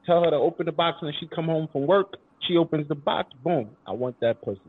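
Husky man on a tinny line. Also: fairly high pitch, fairly even intonation, a little fast, dry recording. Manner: laid-back, repeats himself, drawls list items. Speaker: podcast host. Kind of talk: casual chat.

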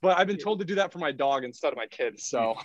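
A man's voice: on the high side, lively intonation, quick pace, dull audio. A man who trades, talking as a podcast guest in an easygoing casual chat and laughing often.

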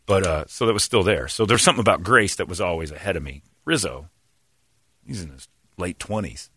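Male host in his 40s, low voice with a lively range, loud bursts of comic impressions. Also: fairly quick, slightly rough, dry recording, studio quality. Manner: animated, jumps into loud high impressions and shouts. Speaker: radio show host. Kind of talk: casual podcast storytelling.

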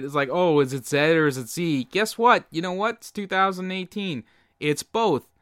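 A man's voice: sits high, fairly bright tone. A Canadian man co-hosting a casual podcast, joking, laughing and giving firm opinions. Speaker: podcast co-host. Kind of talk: casual chat.

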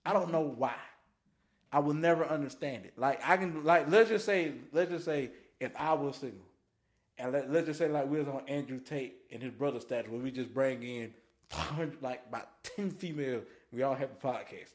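A man's voice: medium pitch, normal speed. A man hosting a podcast, telling stories in a casual, slangy way, laughing often and acting out what people said. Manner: animated, slangy, laughs often, acts out quotes. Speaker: podcast host. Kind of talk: casual storytelling chat. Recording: echoey room.

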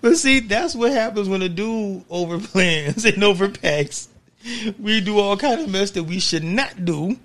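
A man's voice: high voice, lively intonation, measured pace, fairly bright tone. A man from California hosting a podcast, telling stories in casual slang and laughing as he goes. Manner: laughs through stories, slangy, keeps saying "you know what I'm saying". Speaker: podcast host. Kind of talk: casual storytelling chat.

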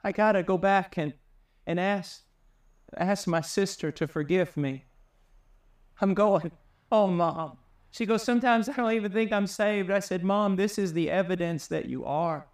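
Man preaching, fervent, fairly high voice, a bit distant from the mic. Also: unhurried. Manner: impassioned, rises high and loud for emphasis. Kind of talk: sermon.

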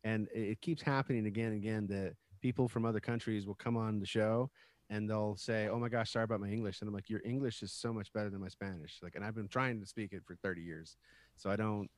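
A man from Texas with a Texan accent hosting a podcast, talking in a halting, rambling way and repeating words as he thinks. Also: on the low side, steady tone, no room sound. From Texas, United States. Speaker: podcast host. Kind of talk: casual chat.

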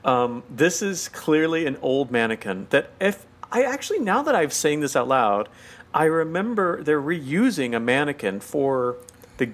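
A man's voice: fairly high pitch, sing-song, measured pace. A man co-hosting a podcast, chatting in a rambling, conversational way full of "like". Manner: rambling, conversational, lots of filler "like". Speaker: podcast co-host. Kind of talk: casual podcast chat.

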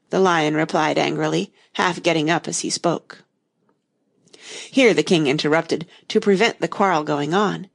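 A woman reading a storybook aloud in an expressive, measured way. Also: low voice, gravelly. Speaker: narrator.

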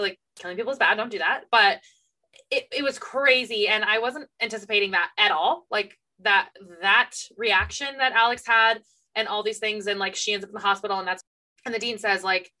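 Woman, podcast co-host, chatty, bright tone. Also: medium pitch. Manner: chatty, reacting with surprise. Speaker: book club podcast co-host. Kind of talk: casual chat.

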